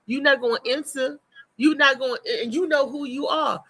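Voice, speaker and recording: Woman host, casual monologue, bright edge, blunt and repetitive, addresses the audience directly. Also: high voice, fairly even intonation, moderate pace, poor audio. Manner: emphatic and repetitive, talks straight to listeners; blunt, swears freely. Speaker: morning show host. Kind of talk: casual talk-show monologue.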